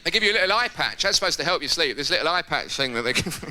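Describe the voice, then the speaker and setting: A man doing a live stand-up routine on a theatre stage, lively and jumping into quoted voices and shouts. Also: a little high, quick pace. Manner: animated, jumps into shouted impressions and quoted voices. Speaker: stand-up comedian. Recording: loud background noise, live theatre recording.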